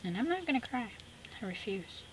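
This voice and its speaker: A woman vlogging as she makes an art collage. She chats casually and sassily, talks to herself as she works, and often drops into soft whispers. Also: mid-range voice, moderate pace, rough recording. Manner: chatty, drifting into soft whispers; sassy, talks to herself while working. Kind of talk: casual chat while crafting. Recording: steady background noise with clicks.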